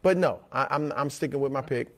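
A man's voice: mid-range voice, brisk, a bit bright. A man on a sports talk show defending his football pick, hesitant and repeating words as he argues. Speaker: football analyst.

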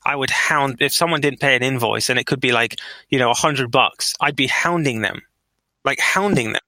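A man's voice: moderate pace, no echo, rough recording. A middle-aged man, a business owner, telling stories in an interview and acting out the dialogue. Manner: animated, acts out quoted dialogue with rising pitch. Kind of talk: storytelling interview answers.

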